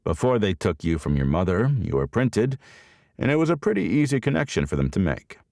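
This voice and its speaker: A man voicing a dry-humored middle-aged adoptive father in an audiobook, deadpan and wry. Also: fairly low pitch, brisk, creaky, no echo.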